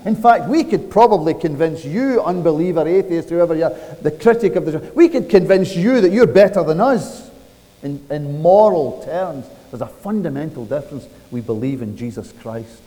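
A man's voice: fairly high pitch, lively intonation, normal speed, dark tone, big-room sound, poor audio. A man preaching a sermon, retelling a story dramatically and asking rhetorical questions.

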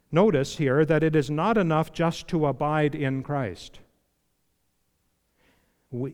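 A man preaching a sermon with a fairly high voice, emphatic and questioning his listeners. He slows down when reading scripture. Long reverb from the church hall trails behind every phrase. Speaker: pastor.

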